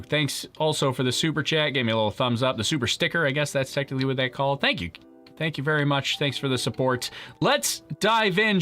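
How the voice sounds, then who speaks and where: A man's voice: mid-range voice, sharp tone. A man hosting a live stream, chatting casually with viewers, joking and laughing often. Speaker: livestream host.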